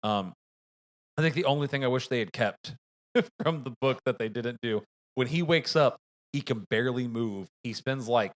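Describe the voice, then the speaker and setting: Brief: male podcast co-host, mid pitch, animated storyteller. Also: normal speed. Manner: animated storyteller, acts out voices. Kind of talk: casual movie review chat.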